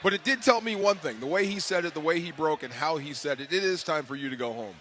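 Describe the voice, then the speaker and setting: Male co-host, sports talk, fairly high and bright voice, emphatic and slangy. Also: quick pace, a little hiss or hum.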